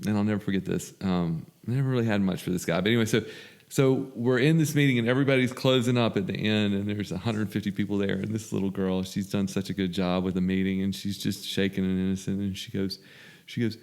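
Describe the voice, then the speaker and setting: Man, podcast guest, gravelly voice, animated profane storytelling. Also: medium pitch, a little fast. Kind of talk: casual storytelling.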